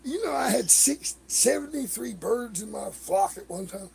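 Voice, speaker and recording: Raspy, animated man telling stories. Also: extremely high pitch, normal speed, a little hiss or hum. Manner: animated, swearing, laughing storyteller who acts out others' lines. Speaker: livestream host. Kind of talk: casual storytelling chat.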